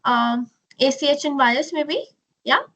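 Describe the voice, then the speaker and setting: High-voiced woman hosting a webinar. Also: measured pace, pushed and bright. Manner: questioning, with many fillers. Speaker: webinar host. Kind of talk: moderating a webinar.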